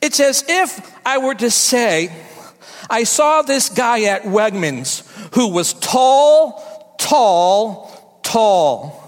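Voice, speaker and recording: A woman pastor delivering a sermon to her church, with slow, emphatic preaching and repetition for effect. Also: fairly high pitch, lively intonation, big-room sound.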